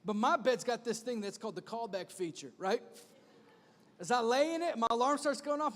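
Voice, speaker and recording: A man's voice: high-pitched, expressive, a little fast, slight background noise. A male pastor preaching a sermon with energy, using comic stories and repeated exhortations, in a church auditorium. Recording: echoey church hall.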